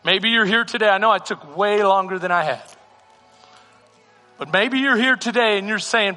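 A man's voice: high-pitched, moderate pace, pauses often, bright, forceful tone. A male pastor preaching a sermon with a passionate, repetitive cadence in a church hall. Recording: reverberant hall with music.

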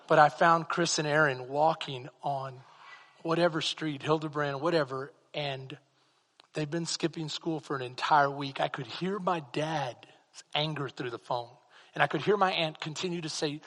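A male pastor with a high, bright voice, preaching in a church hall with a long reverb. He tells stories softly, then builds to loud, excited calls to the crowd. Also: normal speed. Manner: swings from hushed storytelling to loud excited preaching. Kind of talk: sermon with personal stories.

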